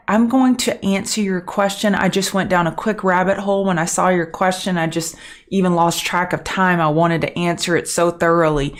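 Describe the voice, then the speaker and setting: A middle-aged woman hosting a live trading show, chatty and friendly, keeping her voice down so she doesn't get loud. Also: mid-range voice. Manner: chatty, greeting viewers by name; kept softer to avoid being loud. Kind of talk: live-stream market chat.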